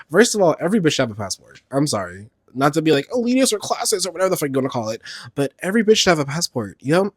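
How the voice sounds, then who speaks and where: A young adult man hosting a casual solo podcast, sassy and campy, often jumping into high exclamations. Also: dry recording, clean studio sound. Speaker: podcast host.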